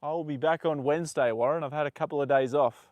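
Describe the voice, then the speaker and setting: A man's voice: a little high, quick pace, a little mellow, dry recording, muffled recording. Give me a young man chatting casually on a livestream from a horse paddock, rambling, swearing lightly and talking to his horse between stories. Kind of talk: casual live chat.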